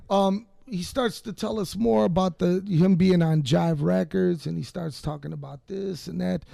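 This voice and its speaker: A man with a Detroit accent tells stories on a podcast, profane and animated. His voice sits high, with a deep gravelly fry running through it. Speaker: podcast host. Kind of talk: casual storytelling.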